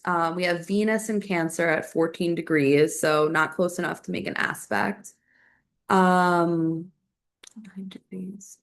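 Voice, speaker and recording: A young adult woman hosting a solo astrology podcast, chatting casually and thinking aloud with lots of fillers. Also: lowish voice.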